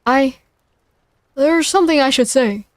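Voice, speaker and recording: A nervous man confessing and apologizing in hesitant bursts, as a woman reads him. The voice is high, with a dry, close sound. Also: a little slow, no echo. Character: anxious, guilty middle-aged man.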